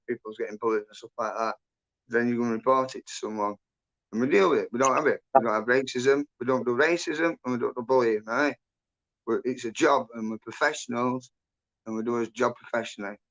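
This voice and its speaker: A man hosting a casual livestream chat, rambling and blunt, swearing a lot and calling people mate and bro. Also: medium pitch. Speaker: livestream host. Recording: dull lo-fi stream audio.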